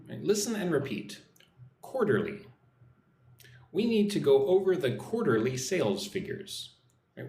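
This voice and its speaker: An American man teaches an English lesson on a live stream from indoors in Vietnam, drilling phrases, reading viewer comments aloud and checking in with "right?". His voice is fairly high and a little mellow, in a reverberant space with a little hiss or hum.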